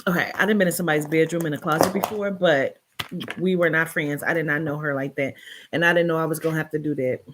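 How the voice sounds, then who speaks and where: A woman reading a short story aloud, then telling a personal story in a chatty, expressive way with colloquial asides. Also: low voice, fast, noisy background.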